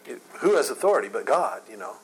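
A man teaches scripture in a relaxed, conversational way. He is earnest and often restarts sentences, repeating a word before going on. His voice sits at an everyday middle pitch. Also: fast, breathy edge, rough recording. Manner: reads scripture aloud. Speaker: Bible teacher. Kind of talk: conversational Bible study.

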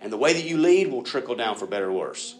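A man preaching a sermon in a conversational way, talking to his listeners directly and acting out quoted voices with big jumps in pitch. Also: lively intonation, fast. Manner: conversational, addresses listeners as guys and y'all.

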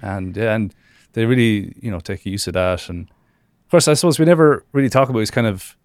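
A man's voice: on the low side, brisk, clear, resonant tone, dry recording, studio quality. A man in a casual music discussion who thinks aloud with hesitant phrasing.

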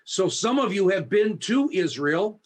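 A man, a pastor, teaching an online Bible study over a video call, speaking earnestly and reciting a blessing slowly. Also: high-pitched, very animated, husky. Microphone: high definition video camera.

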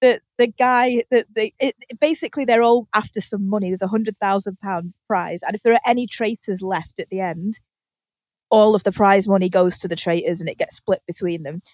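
A woman's voice: medium pitch, a little fast, darkish tone, no echo. A woman hosting a podcast, telling a story in casual chat with lots of laughter and freely swearing. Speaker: podcast host.

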